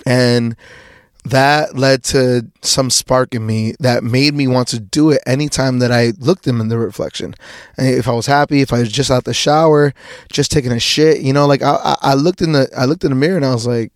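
A man's voice: mid-range voice, steady tone, normal speed, dry recording, studio quality. A young man hosting a podcast, talking through a casual personal monologue in a rambling way, with many restarts and casual swearing. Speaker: podcast host.

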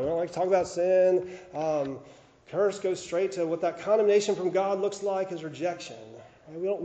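A man's voice: high voice, mellow, roomy sound, dull audio. A man preaching a sermon in a conversational way, with frequent fillers and restarts. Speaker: pastor.

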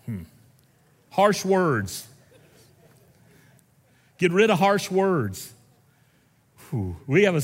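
A pastor delivers a folksy sermon, his pitch leaping and dipping as he preaches. He moves from loud, punchy stretches to quiet, hushed ones. His voice carries a long reverb through a big church sanctuary. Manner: folksy, animated, swings between loud and hushed. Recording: long reverb in a large hall.

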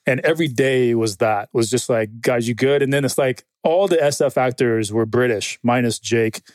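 Animated storyteller, swears casually, from Afghanistan. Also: male voice, medium pitch, normal speed, no echo. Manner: animated, swears freely, acts out quoted dialogue. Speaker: guest, former Green Beret.

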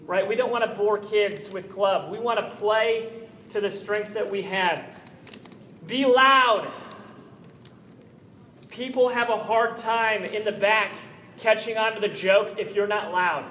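Man, high bright voice, earnest instructional talk, echoey hall. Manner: earnest, coaching, frequent "right?" asides. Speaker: presenter giving training tips. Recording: echoey hall with slight noise.

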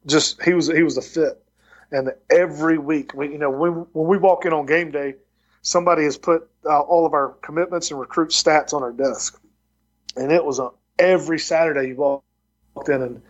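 On a muffled recording, a man with a slightly high voice shares recruiting tales from his job as a college football tight end coach and recruiting coordinator. It's a laid-back podcast interview, and his storytelling wanders, full of restarts and repeated words.

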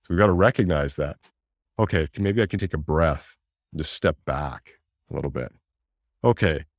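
A man talking in a reflective conversation, animated, acting out inner voices and laughing often. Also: extremely low pitch, normal speed, dry recording, studio quality.

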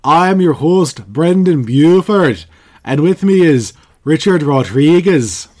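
A man voicing a mock podcast announcer in an exaggerated fake Scottish accent, loud and slow. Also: fairly high pitch, lively intonation, pitched above the performer's own voice. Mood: hammy. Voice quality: loud, slow, drawn-out delivery.

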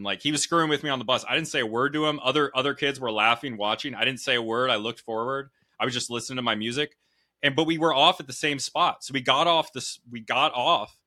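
Male podcast host, bright voice, loose storyteller. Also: medium pitch. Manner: storytelling, swearing, animated. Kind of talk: casual chat. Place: Connecticut home.

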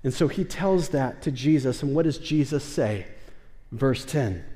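A man preaching a sermon in a church sanctuary, animated and building to emphatic bursts. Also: medium pitch, measured pace. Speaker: pastor. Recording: long reverb of a church hall.

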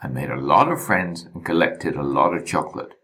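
Guy reading his memoir, deep voice, dry wit, lively delivery. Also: a little fast. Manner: wry, deadpan storytelling. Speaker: narrator.

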